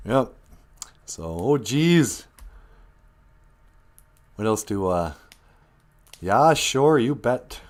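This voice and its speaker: A man's voice: mid-range voice, big pitch swings, very slow, long pauses. A man hosting a casual live stream, telling jokey stories with frequent chuckles and greeting viewers.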